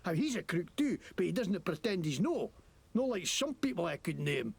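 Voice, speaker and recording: McTavish, a gravelly fake-Scottish crook. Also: male voice, high voice, very animated, normal speed, darkish tone, full character voice. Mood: ranting. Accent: exaggerated fake Scottish. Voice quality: gravelly, swooping. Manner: ranting, indignant, swears a lot. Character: crooked foul-mouthed man faking a Scottish brogue.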